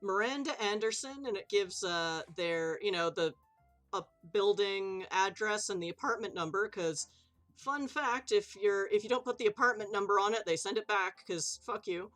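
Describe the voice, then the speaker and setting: A woman's voice: medium pitch, moderate pace, a bit bright, faint music behind. A woman running a tabletop game on a live stream, chatty and loose, swearing casually and laughing easily. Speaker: game master.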